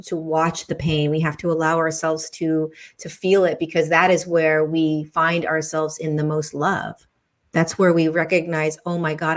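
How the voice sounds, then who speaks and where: Spiritual host, woman, low and even-toned, earnest and repetitive, speaking over a video call. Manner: earnest, repeats phrases, many restarts. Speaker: spiritual teacher hosting a live session. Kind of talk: heartfelt livestream talk.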